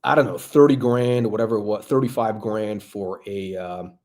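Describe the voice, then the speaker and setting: A man's voice: lowish voice, fairly even intonation, normal speed, darkish tone. A male watch channel host giving blunt, crude, rambling off-the-cuff commentary.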